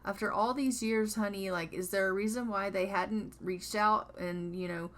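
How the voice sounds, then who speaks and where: A woman's voice: medium pitch, fairly even intonation, normal speed, fairly bright tone, close to an everyday voice. A woman voicing a nervous adult husband and father in a life-sim game, talking hesitantly with lots of fillers.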